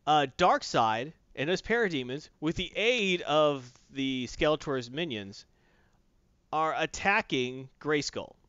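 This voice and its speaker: A man's voice: on the high side, slow pace, clear, resonant tone, no echo. A man chatting casually and animatedly, retelling a story and acting out parts, recorded dry and muffled. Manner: animated storyteller, acts out voices. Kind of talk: casual chat recapping a comic.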